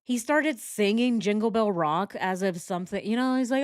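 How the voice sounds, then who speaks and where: A woman reacting to court coverage, speaking haltingly with many restarts and pauses, shaken by what she hears. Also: mid-range voice, no room sound, clean studio sound. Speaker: true crime commentator.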